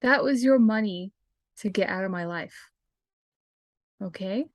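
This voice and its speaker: Woman player, mid pitch, dry close mic, firm in-character delivery. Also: unhurried, no room sound. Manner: firm, laughing in-character play. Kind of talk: playing a tabletop game.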